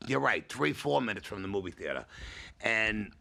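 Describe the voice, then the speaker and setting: A man's voice: lowish voice, very animated, moderate pace, vocal fry, bright, forceful tone. A middle-aged man, a father co-hosting a podcast, telling rambling, profane stories in casual chat.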